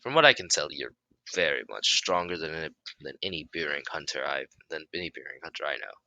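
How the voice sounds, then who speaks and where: Dude voicing an official chairman type, formal and probing, low voice, kinda forceful. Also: lively intonation, gravelly, no echo, highs cut off, exaggerated voice. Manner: halting, improvised delivery.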